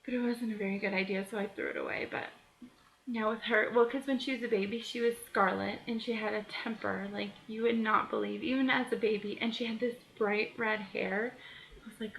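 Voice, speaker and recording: A woman's voice: mid-range voice, steady tone, normal speed, vocal fry, bright, forceful tone, rough recording. A woman in her thirties, an author chatting casually on a vlog, answering reader questions with frequent laughs and self-deprecating asides.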